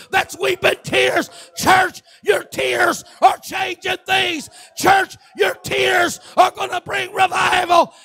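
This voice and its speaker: A man preaching a fervent Pentecostal sermon in a church, shouting and urging everyone to pray. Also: very high-pitched, gravelly. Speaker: pastor.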